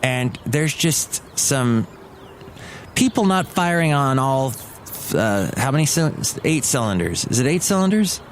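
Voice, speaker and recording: A man hosts his own comedy podcast, rambling and wandering from one topic to the next. His voice sits at an ordinary mid pitch. A faint background noise is present. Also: big pitch swings, measured pace. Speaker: podcast host and radio worker.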